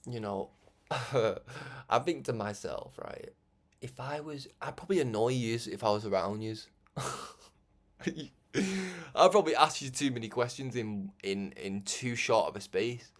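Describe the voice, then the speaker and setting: Brief: man, everyday middle pitch, rambling spiritual broadcaster, chatty, laughs and restarts a lot. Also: expressive, unhurried, pauses often. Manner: rambling, conversational, laughs often, restarts and stammers. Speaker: religious broadcaster. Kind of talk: informal spiritual talk.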